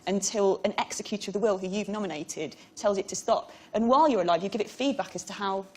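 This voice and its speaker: A woman on a comedy panel show, joking in a quick, deadpan, whimsical way. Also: medium pitch, heavy background noise.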